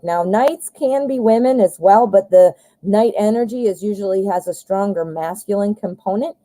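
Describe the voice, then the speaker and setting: A woman's voice: medium pitch, mellow, no echo, poor audio. A woman giving a live tarot reading from home, talking in a chatty, encouraging, upbeat way. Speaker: tarot reader.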